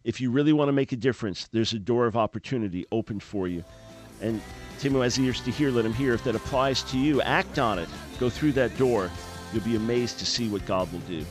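A man's voice: medium pitch, fairly quick, over music. A man hosting a religious radio talk show, speaking in an emphatic preaching manner and often repeating words as he starts a phrase.

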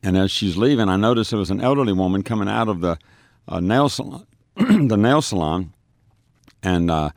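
A man's voice: fairly low pitch, expressive, moderate pace, no echo. A man who ministers on the streets, telling a testimony on a radio show, acting out the voices in his story with frequent restarts. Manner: storytelling, acts out quoted dialogue, frequent restarts.

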